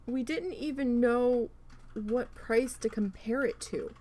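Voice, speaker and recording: A woman hosting a craft livestream, casually telling a story with animated swearing while she works. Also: a little high, takes it slowly. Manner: animated, profane, acts out quoted people.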